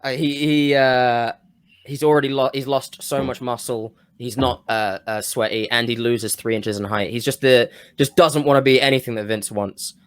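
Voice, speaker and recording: A man's voice: mid-range voice, fairly even intonation, normal speed, clean tone. Rambling male podcast co-host. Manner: rambling, self-interrupting, with bursts of enthusiasm. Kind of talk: casual chat, fantasy booking pitch.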